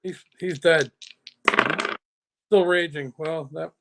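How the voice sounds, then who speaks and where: A man plays a tabletop role-playing game, gleefully describing his attacks. His voice sits high and has a gravelly fry. He speaks in a casual way with the group. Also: steady tone, takes it slowly, very noisy. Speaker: player.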